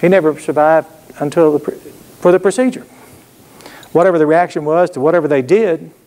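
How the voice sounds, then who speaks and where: A man's voice: a little high, steady tone, fairly quick, mellow. A man preaching a sermon, telling folksy stories and throwing call-and-response asides to the congregation. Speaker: pastor.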